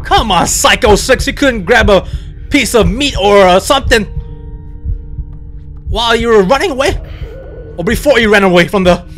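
Man, let's play commentary, very high voice, bright tone, yells and curses at jump scares, faint game music behind. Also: expressive, normal speed, pauses often. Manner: loud exclamations and swearing, laughs often; addresses viewers as psychos. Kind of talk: excitable gameplay commentary.

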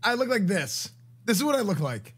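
Excitable high-voiced man telling stories. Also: brisk, husky. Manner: excitable, dramatic, punchy delivery. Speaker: streamer host. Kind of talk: animated recap storytelling.

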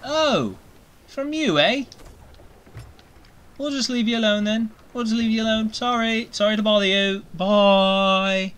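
Brief: a man playing a timid high-voiced pirate, meek and sorry, bright tone. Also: unhurried, clean tone. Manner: squeaky, apologetic.

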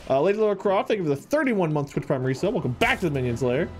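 A man's voice: on the high side, sing-song, rapid-fire, darkish tone. Guy from ohio streaming a game, chatty, reads chat, faint music. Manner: chatty, reads out viewer messages. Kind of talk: casual live-stream chat.

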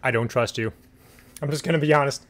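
A man commenting on a horror game during a livestream, cracking deadpan jokes and yelping at sudden scares. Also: mid-range voice, fast. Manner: joking, deadpan asides, sudden yelps at scares. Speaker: game streamer. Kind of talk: live horror gameplay commentary.

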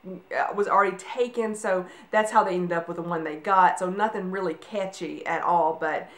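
A woman's voice: on the low side, moderate pace. Chatty woman vlogging in an echoey room. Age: 40s. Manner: chatty, rambling, with frequent ums. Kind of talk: casual chat to camera.

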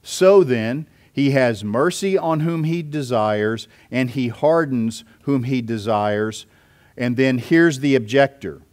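A male pastor delivers an expository sermon at a middle pitch. He explains scripture point by point, pausing now and then on small fillers as he lays out his argument. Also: darkish tone.

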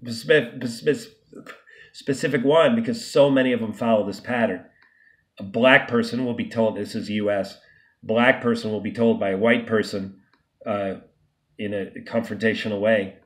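A man's voice: mid-range voice, steady tone, normal speed. A man vlogging an unscripted monologue, emphatic and indignant, often restarting and stumbling over words. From United States.

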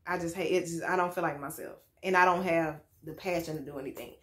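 A woman's voice: on the low side, fairly even intonation, fast, a bit bright. A young woman telling a frank, candid story in a casual vlog, swearing freely and laughing now and then. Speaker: vlogger. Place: home room with lights.

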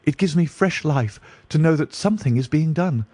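A man's voice: a little high, animated, moderate pace, mellow, no room sound, voice pushed up. An anxious young diplomat, weak from illness and clinging to hope. A male narrator lifts his voice well above his own for him. Eager, fretful delivery, with a dry close sound.

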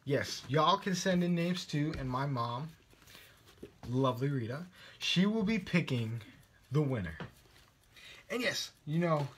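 A man's voice: a little high, slight background noise. A man with a Texan accent, guest-presenting a live craft show in a playful, silly way, joking as he reads viewer comments.

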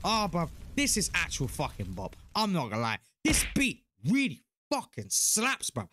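A young British man hosting a reaction video, talking in excited casual commentary full of slang and cheers. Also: on the high side, normal speed, background noise. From United Kingdom.

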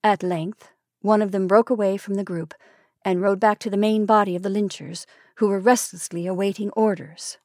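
A woman reads a story in a calm, measured way. Her voice sits at a middle pitch. The sound is dry and close. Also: dry recording. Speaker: storytelling podcast host. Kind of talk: scripted narration.

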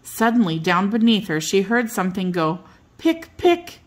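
An older woman reading a bedtime storybook aloud as a storyteller, gentle and unhurried. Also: medium pitch.

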